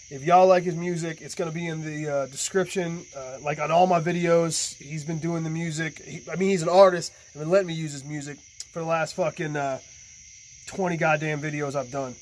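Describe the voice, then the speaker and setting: A man's voice: fairly high pitch, a little hiss or hum. A man talking casually and profanely about knife tests, stammering often and sounding a little tipsy from shots. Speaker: knife tester and maker. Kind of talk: casual vlog talk. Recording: echoey room.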